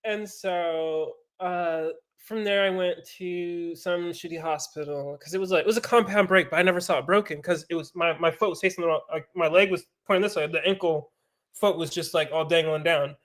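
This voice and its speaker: A man on a podcast telling a story in a casual, profane, animated way. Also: on the high side, normal speed. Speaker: podcast guest.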